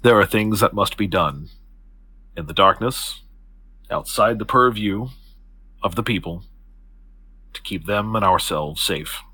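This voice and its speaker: A poised older woman who heads a secret society, speaking in low, measured, persuasive tones. Her voice is soft and husky with a bright edge, as a man puts her on for a tabletop game. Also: no room sound, full character voice. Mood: composed, persuasive.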